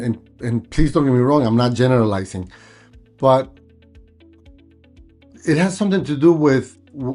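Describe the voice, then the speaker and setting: Middle-aged spanish-native guy rambling on his vlog, faint music behind, average pitch. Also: a little mellow. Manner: chatty, rambling, repeats himself. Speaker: vlog host. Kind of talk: casual monologue.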